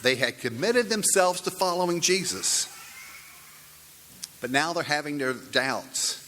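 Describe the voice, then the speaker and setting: A man delivering a sermon in a church, his bright, fairly high voice carrying a long reverb through the hall. He speaks slowly and deliberately, shaping each phrase like a storyteller. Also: lively intonation, slight background noise. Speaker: pastor.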